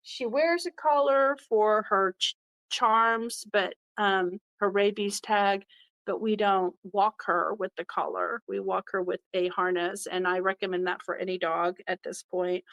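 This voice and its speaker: A woman's voice: medium pitch, steady tone, unhurried, fairly bright tone, low-quality recording. A middle-aged woman tells a personal story from the heart and acts out the voices of the people in it. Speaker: podcast host.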